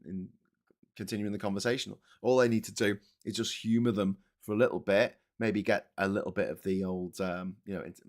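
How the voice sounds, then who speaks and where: A man's voice: lowish voice, a bit bright. A man hosting a casual livestream, reading chat and rambling bluntly, with frequent swearing and fillers. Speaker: livestream host.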